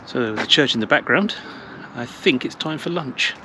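A man's voice: mid-range voice, expressive, moderate pace. A man narrating a casual walking vlog through a village, chatty and rambling, repeating his words. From England. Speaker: travel vlogger. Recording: outdoor recording with clear traffic noise.

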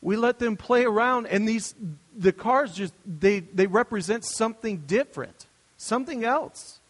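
In a large hall, a young male pastor preaches a story-driven sermon in a conversational style, restarting and making asides. His voice sits high and moves a little slowly.

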